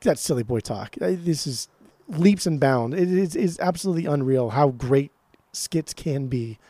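A man co-hosting a podcast in casual chat, excitable and profane, often repeating words as he gushes. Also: a little high, normal speed. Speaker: podcast co-host.

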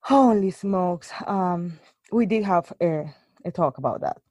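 A woman's voice: fairly low pitch, lively intonation, mellow, no room sound. A woman guest in a casual interview, talking earnestly with frequent restarts and hesitations. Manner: halting, restarts often, earnest.

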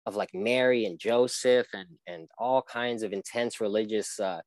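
A man's voice: lowish voice, normal speed, no echo, poor audio. A young man, a guest on an interview show, telling a personal story in an earnest, rambling way with many restarts. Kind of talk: personal testimony in a casual interview.

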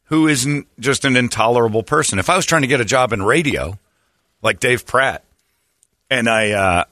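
A middle-aged man hosting a radio talk show, telling crude jokes and stories in loud, animated banter. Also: medium pitch, moderate pace, no echo. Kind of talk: casual comedic banter.

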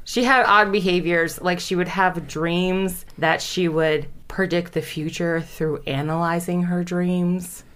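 A woman's voice: on the low side, steady tone, a little slow, hardly any pauses, a bit bright, clear, resonant tone. A woman telling a true story in casual chat, giggly, often trailing off and restarting.

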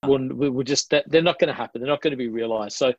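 A man's voice: medium pitch, quick pace, no echo, dull audio. A man with an Adelaide Australian accent, a pastor talking earnestly and casually in a podcast interview. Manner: earnest, reflective, casual with slang.

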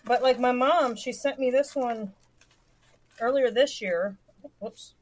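A woman's voice: fairly high pitch, takes it slowly, slight background noise. A young woman guest in a casual livestream chat, rambling and hesitant with many fillers.

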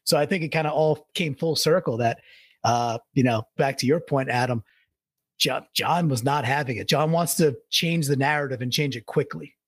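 Co-hosting a casual sports talk podcast, a man rambles, restarts, and laughs while he talks. His voice is medium-pitched at a moderate pace, with no echo.

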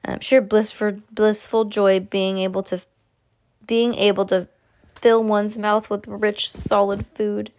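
A woman reading a children's story aloud, expressive, with small slips and restarts. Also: medium pitch, takes it slowly. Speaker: reader to a child.

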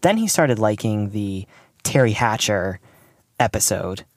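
A man's voice: lowish voice, sing-song, measured pace, no room sound, clean studio sound. A man co-hosting a podcast in casual chat, rambling and laughing often. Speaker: podcast co-host.

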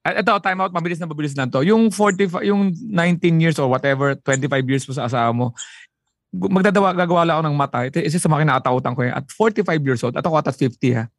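Filipino guy cohosting, talks super fast, kinda high voice, jokey and animated, dry sound. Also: no echo. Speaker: co-host. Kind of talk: casual chat, mixing Tagalog and English.

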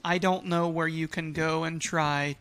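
A man co-hosting a podcast in relaxed, joking casual chat. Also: on the high side, measured pace, clear, resonant tone. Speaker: podcast co-host.

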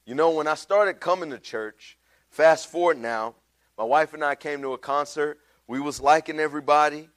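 A man's voice: a little high, moderate pace, fairly bright tone. Man preaching a heartfelt sermon. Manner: storytelling, casual and heartfelt. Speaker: pastor. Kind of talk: sermon with personal testimony.

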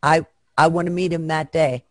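A woman guest performer chats casually on a video call, frank and bawdy, joking as she goes. She speaks at normal speed in a deep, steady voice.

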